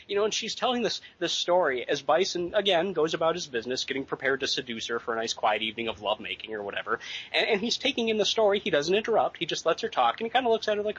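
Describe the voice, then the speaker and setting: A man in his late thirties co-hosting a casual podcast, rambling excitedly with lots of fillers and swearing. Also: a little high, fast, breathy edge, lo-fi sound. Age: late 30s. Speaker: podcast co-host.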